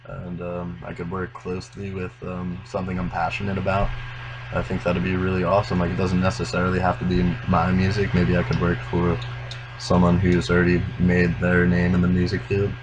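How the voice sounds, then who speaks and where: A young male musician speaks with a very deep, low voice in a casual interview. He talks earnestly and without hurry, his sentences often trailing off quietly. A faint hiss runs under the recording. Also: completely flat delivery, a little fast, muffled recording. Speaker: musician guest.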